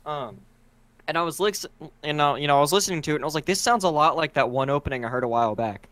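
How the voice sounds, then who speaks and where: A man's voice: fairly high pitch, quick pace, a bit bright, no echo. Young man rambling in casual podcast chat. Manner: rambling, searches for words. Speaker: podcast co-host.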